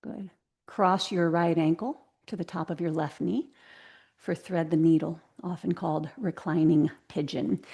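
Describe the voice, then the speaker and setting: A woman teaching a live yoga class over a video call, giving slow, gentle cues with soft asides. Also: low voice.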